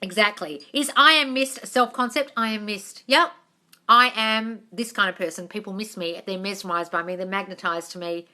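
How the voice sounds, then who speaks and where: A woman with a bright, clear voice chats casually through a live question-and-answer stream, reading viewer comments aloud as she goes. She answers affectionately and keeps repeating her points for emphasis. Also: medium pitch, moderate pace. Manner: repetitive, affectionate, calls viewers darling.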